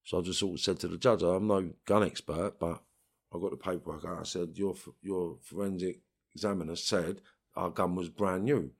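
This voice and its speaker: Man with a London accent, very deep voice, blunt streetwise storytelling, swears in bursts. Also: fairly even intonation, normal speed, husky. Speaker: interviewee. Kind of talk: storytelling interview.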